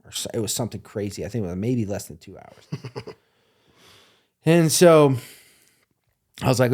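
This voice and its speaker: A man hosting a podcast in casual chat, animated and joking, often laughing and swearing. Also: medium pitch, normal speed, long pauses. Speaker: podcast host.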